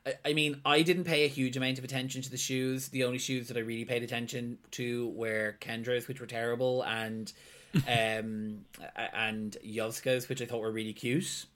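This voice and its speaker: A man co-hosting a casual podcast chat, talking in quick bursts with many restarts and frequent laughs. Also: medium pitch, level tone, fairly bright tone. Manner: chatty, hesitant restarts, laughs often. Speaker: podcast co-host.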